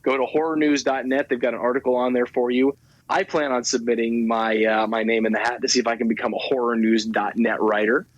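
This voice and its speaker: Male co-host, measured news delivery, dry recording. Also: medium pitch, steady tone, dry recording, highs cut off. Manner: measured, reads out news items. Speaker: podcast co-host. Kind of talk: casual chat.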